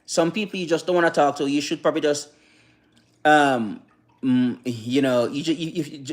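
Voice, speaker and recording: Brief: male livestreamer, voice a bit above average pitch, loose rambling delivery full of restarts and "you know what I mean". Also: normal speed. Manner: reads and answers viewer chat. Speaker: livestreamer giving advice. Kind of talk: casual livestream talk.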